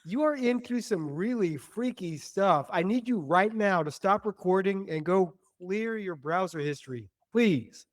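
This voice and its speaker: Young male co-host, notably high pitch, playful and teasing. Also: lively intonation, measured pace, hardly any pauses, no echo, clean studio sound. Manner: teasing, jokey, exaggerated reactions. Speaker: podcast co-host. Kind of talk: casual chat.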